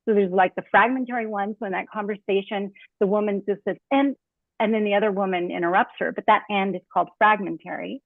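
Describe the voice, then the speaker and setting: A woman's voice: medium pitch, fairly even intonation, fast talker, gravelly, hardly any pauses, no room sound. A woman speaking as a designer on a panel, talking casually with many fillers and acting out spoken examples. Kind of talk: online talk on speech design. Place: home, on a video call. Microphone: computer mic on a video call. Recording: tinny phone-like video call audio.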